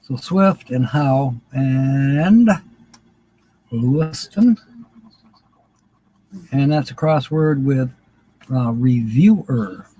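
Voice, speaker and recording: This older livestream host chats casually through a word game, reading viewers' names and chuckling a lot. His voice is medium in pitch, animated and warm, with drawn-out words and frequent pauses. The recording quality is low.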